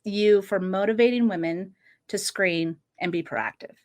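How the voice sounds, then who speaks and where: Late-30s woman hosting a podcast, earnest chatty tone, mid-pitched voice, laughs a lot. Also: measured pace, darkish tone. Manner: earnest, laughs often while telling a story. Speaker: podcast host. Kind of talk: casual podcast conversation.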